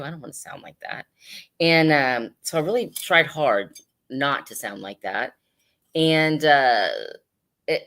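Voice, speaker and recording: A woman's voice: a bass voice, a bit bright. A woman hosting a casual live sale, chatting and laughing with her viewers as she shows hat pins. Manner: chatty, laughs often, addresses viewers directly. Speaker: live-stream seller of hat pins and jewelry.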